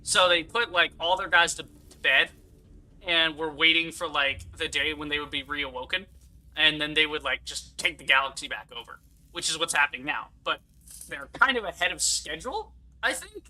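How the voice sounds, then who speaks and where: A man's voice: on the high side, moderate pace, sharp tone. A man giving casual, rambling gameplay commentary, laughing often and swearing freely. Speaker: gaming streamer.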